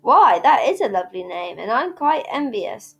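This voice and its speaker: A dramatic, imaginative young storybook girl with red pigtails, voiced by a woman reading aloud. She gushes in flowery, theatrical rushes, her voice sitting somewhat high. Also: very animated, gravelly, slightly rough, dull audio, exaggerated voice. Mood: gushing. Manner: flowery, theatrical, rushing talk.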